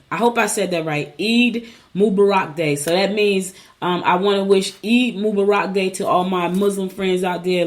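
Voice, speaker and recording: A middle-aged woman from Newark, New Jersey, hosting a casual talk show and chatting to her viewers in a personal, storytelling way. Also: fairly low pitch. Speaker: host.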